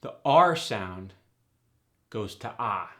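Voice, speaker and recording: A middle-aged accent coach gives a step-by-step lesson, methodically explaining with examples. His voice is lowish and a bit bright, animated, with drawn-out words.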